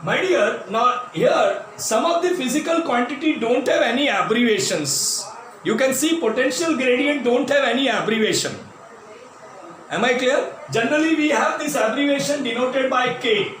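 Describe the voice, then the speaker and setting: High-voiced Indian man lecturing physics. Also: lively intonation, normal speed, fairly bright tone. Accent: Indian English. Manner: addresses students as "my dear", repeats key terms. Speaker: physics teacher. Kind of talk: classroom lecture at a board. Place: classroom. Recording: very echoey classroom, voice from a distance, faint noise.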